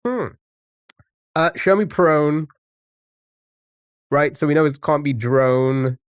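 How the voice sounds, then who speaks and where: A man's voice: a little high, slow, smooth, no room sound, clean studio sound. A man live-streaming a word game, chatting casually and greeting viewers by name.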